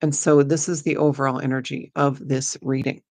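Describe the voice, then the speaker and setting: A woman's voice: a bass voice, flat delivery, normal speed, gravelly, darkish tone, dry recording. A woman giving a chatty, reassuring oracle card reading to camera, drifting between points as she talks.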